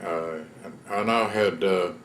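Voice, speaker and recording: A man's voice: sits low, fairly even intonation, takes it slowly, fairly bright tone, reverberant, slight background noise. A man, telling his own story in a plain-spoken, folksy way in an oral history interview. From Texas. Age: 70s. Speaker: veteran interviewee.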